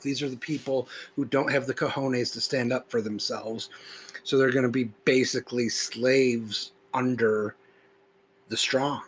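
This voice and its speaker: A man's voice: medium pitch, fairly even intonation, rough recording. Male podcaster, mid-range voice, emphatic reader turned casual explainer, faint noise floor. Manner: slow, emphatic recitation when reading; loose, conversational, with fillers when explaining. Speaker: podcast host. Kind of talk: reading a text aloud, then casual commentary.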